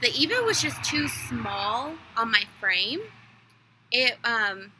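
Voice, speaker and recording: A woman's voice: on the high side, animated, slow pace, pushed and bright, slight background noise. A young woman, rambling through a casual unboxing story full of fillers and quoted dialogue. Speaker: vlogger.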